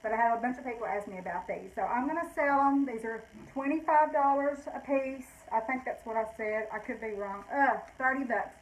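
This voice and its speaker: A woman's voice: a little high, a little fast, hardly any pauses, rough recording. An older woman, out of breath, chatting casually as she shows items from her vintage shop and rambles, correcting herself along the way. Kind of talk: casual live sale talk.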